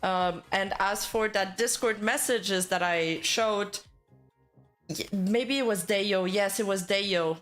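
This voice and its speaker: Woman, casual commentary, rambling with fillers, mid pitch, faint music underneath. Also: takes it slowly, fairly bright tone. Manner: rambling, filler-heavy, self-correcting. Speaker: VTuber news commentator.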